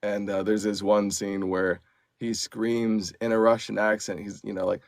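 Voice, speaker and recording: A man with a low voice full of gravelly fry talks in a relaxed interview. He explains things at length, stacking up fillers as he goes. The sound is dry and close, with no room to it. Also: moderate pace, no echo. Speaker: audiobook narrator and actor. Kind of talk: casual interview chat.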